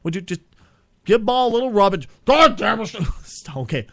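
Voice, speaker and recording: Squeaky, excitable male comedy host. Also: normal speed, vocal fry, no echo, clean studio sound. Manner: flips between squeaky outbursts and low grumbling, swears a lot. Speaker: podcast host. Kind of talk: comedic bickering banter.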